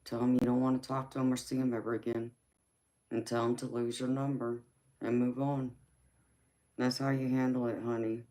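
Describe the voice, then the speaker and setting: A tarot reader and livestream host with a Southern Georgia accent, from the Southern US, casually reads viewer comments, laughing often and calling people sweetheart and honey. Her bass voice has a dark tone and flat delivery at a normal speed.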